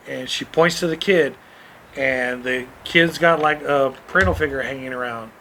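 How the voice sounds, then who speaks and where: A man's voice: mid-range voice, moderate pace, bright, forceful tone. A man co-hosting a podcast, telling a story bluntly and casually, with swearing and jokes. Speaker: podcast co-host. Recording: faint background noise.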